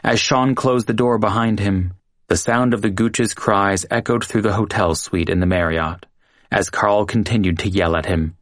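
A male narrator reads a true-crime story in a measured, dramatic way. His voice sits low, and the recording is dry and close, with no room sound. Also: no room sound. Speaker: audiobook narrator.

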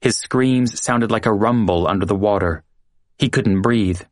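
A male narrator reads a true-crime story in a measured, dramatic way. His voice sits low, and the recording is dry and close, with no room sound. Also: no echo. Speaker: audiobook narrator.

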